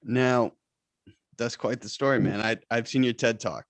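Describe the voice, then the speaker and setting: A man from the Boston area hosting a podcast, asking questions in a relaxed, slightly halting way. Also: medium pitch, no room sound. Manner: relaxed, a bit halting, repeats words as he starts. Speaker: podcast host. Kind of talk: casual interview chat.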